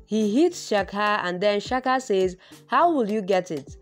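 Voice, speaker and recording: Woman recapping a drama, lively pitch. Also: unhurried, soft background music. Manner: chains events with "then she says", quoting each character flatly. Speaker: narrator retelling a TV serial's episode. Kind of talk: casual plot recap read aloud.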